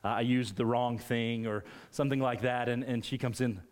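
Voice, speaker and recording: A man preaching a sermon, retelling a scripture story with animated emphasis. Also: medium pitch, normal speed.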